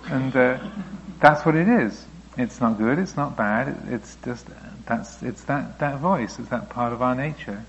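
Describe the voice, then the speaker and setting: A man, a Buddhist teacher, answering questions in a reflective, gently explaining way, now and then voicing thoughts aloud. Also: medium pitch, unhurried, vocal fry, hardly any pauses, dull audio, slight background noise. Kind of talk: dharma talk Q&A.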